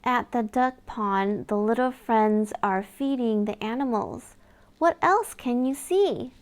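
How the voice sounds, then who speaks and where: Slow, high-voiced woman reading to children. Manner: gentle, gasping, sing-song questions to the child. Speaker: children's book reader. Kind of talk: read-aloud for young children.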